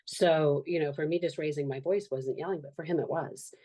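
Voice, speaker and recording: Low-voiced earnest woman in her fifties. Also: fairly even intonation, brisk, mellow. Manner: earnest, reflective, acts out quoted voices. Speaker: guest, author and social worker. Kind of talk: candid podcast conversation.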